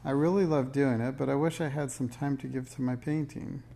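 A man's voice: mid-range voice, fairly even intonation, a little fast, creaky, mellow. A man voicing a kindly, busy grandmother in a storybook reading, cheerful but a little weary.

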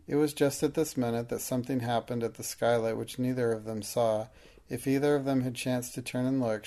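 Male audiobook narrator, measured, mellow, gravelly. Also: mid-range voice.

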